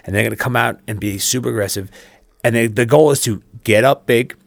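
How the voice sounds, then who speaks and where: Fast-talking profane man. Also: medium pitch, vocal fry, no room sound, clean studio sound. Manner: fast, profane, rambling with restarts. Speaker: sports betting podcast co-host. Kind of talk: casual sports chat.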